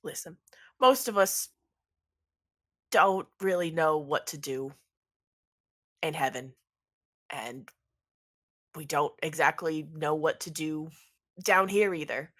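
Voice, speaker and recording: A woman's voice: low voice, takes it slowly, pauses often, a bit bright, exaggerated voice. A woman voicing a pushy, pizza-obsessed man who pleads and insists while eager to please in a tabletop game. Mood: earnest.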